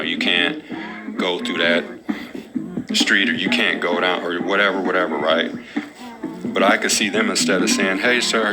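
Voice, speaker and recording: Deep-voiced man, casual rambling talk. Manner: loose storytelling with slang and profanity. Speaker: podcast co-host.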